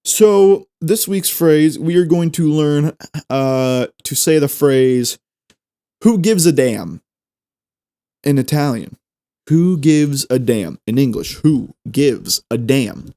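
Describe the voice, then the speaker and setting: A young man, hosting a podcast and chatting casually through a language lesson, repeating phrases slowly as he explains. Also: on the high side, animated, warm tone. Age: 20s. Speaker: podcast host.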